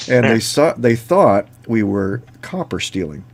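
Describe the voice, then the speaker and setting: A man's voice: lowish voice, very animated, slow. A man from Ontario hosting a casual chat, telling rambling stories and acting out the dialogue. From Ontario, Canada. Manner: rambling anecdotes with laughs and acted-out dialogue. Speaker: host.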